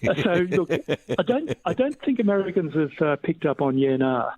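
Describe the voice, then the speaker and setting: A man with an Australian accent, a demographer guest chatting in a radio interview, laughing often and slowing to spell words out. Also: high voice, very animated, a little mellow, breathy edge, dry recording. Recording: tinny phone line.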